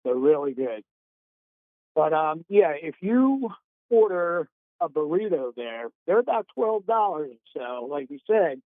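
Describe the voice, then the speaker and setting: A man's voice: fairly high pitch, sing-song, a little slow, no echo. A man calling in to a radio show, chatting in a polite, folksy way and answering with "sir". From North Carolina. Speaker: radio caller. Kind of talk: casual phone-in chat. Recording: tinny phone line.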